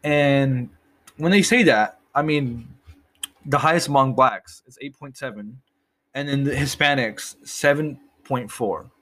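A man's voice: mid-range voice, unhurried, a bit bright. A young man in a casual, rambling monologue, swearing often and repeating himself as he talks.

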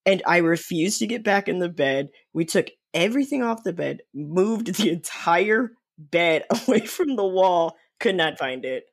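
A man co-hosting a podcast, telling an animated anecdote in casual chat and swearing as he builds it. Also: high-pitched, creaky. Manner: animated, profane anecdote-telling with dramatic pauses. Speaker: podcast co-host. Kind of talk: casual storytelling.

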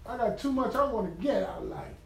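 A man's voice: very high-pitched, fast talker, vocal fry, slight background noise. A man preaching a conversational sermon, emphatic and humorous, telling stories about his own daily life. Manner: animated, humorous, emphatic storytelling. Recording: echoey room from far off.

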